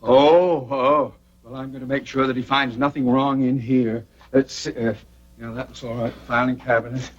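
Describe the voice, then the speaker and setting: An actor playing a pompous, flustered bank president who blusters and stammers, on a muffled old TV soundtrack. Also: male voice, mid-range voice, little pitch movement, normal speed, natural voice. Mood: fussy.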